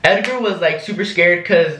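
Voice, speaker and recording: A man's voice: high voice, normal speed, bright, forceful tone, echoey room, rough recording. A young man recounting a story in a rambling, casual vlog, full of "like" and "um". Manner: rambling, lots of "like" and "um". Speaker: vlogger.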